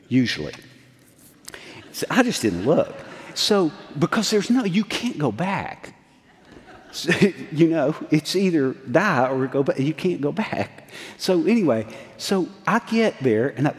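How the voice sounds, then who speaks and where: Man, 60s, pastor, folksy sermon storytelling, lively pitch, reverberant church hall. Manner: folksy, animated storytelling with restarts. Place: church sanctuary.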